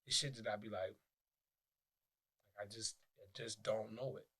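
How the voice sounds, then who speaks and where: A man with a Detroit accent, a podcast guest telling stories in casual, profane, animated talk with many restarts. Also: on the low side, unhurried, breathy edge. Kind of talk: casual interview chat.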